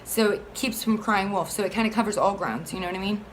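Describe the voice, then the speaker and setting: A Florida woman, a single mother, talks fast at medium pitch in a rough recording with slight background noise. In a casual, heated monologue packed with fillers, she rambles while earnestly pleading for support of a bill.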